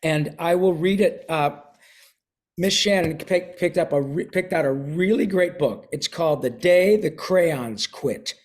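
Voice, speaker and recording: On a video call with a class of kids, an older man who works as a voice actor chats and reads a picture book aloud, pausing to clear his throat now and again. His voice is on the high side, at a measured pace.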